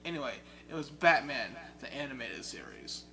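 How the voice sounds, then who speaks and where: A young man in a casual chat about video games, an excitable storyteller who mimics game sounds. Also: medium pitch, moderate pace, gravelly, soft background music. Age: young adult. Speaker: guest. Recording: loud steady hum behind.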